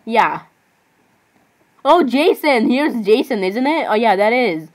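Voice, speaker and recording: Woman vlogger, a little high-pitched, rambling and giggly, constantly apologizing. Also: very animated, slow pace, poor audio. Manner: rambling, keeps apologizing, giggly, says "literally" often. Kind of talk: casual screen-browsing commentary.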